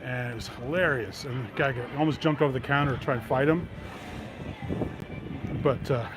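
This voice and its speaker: A man's voice: medium pitch, normal speed, over music. A man casually narrating a walk through city streets, rambling through anecdotes with many fillers, recorded on a handheld camera mic while walking. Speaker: vlogger. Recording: street noise behind voice. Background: traffic and city ambience.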